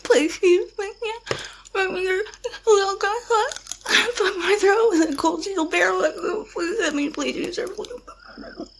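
Woman doing a scared young woman begging at gunpoint, high voice, stammery, whispery then teary. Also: moderate pace, background noise. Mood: pleading, tearful.

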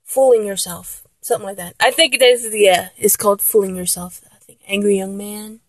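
A woman's voice: medium pitch, fairly even intonation, moderate pace, no room sound. A woman chatting casually about songs she loves, rambling with many ums and restarts and breaking into bits of song. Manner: sings snatches of songs badly. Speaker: music fan talking to viewers.

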